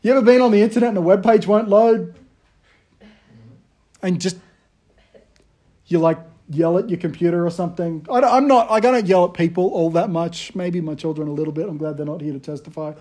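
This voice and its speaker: A man, preaching a casual, conversational sermon with self-deprecating, animated storytelling. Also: high voice, a little fast, pauses often. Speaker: pastor.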